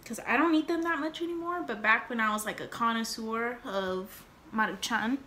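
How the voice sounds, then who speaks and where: A woman's voice: a little high, moderate pace, bright, forceful tone, a little hiss or hum. A young woman telling a rambling story and chatting in a casual home vlog, with lots of fillers and acted-out quotes. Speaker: vlogger.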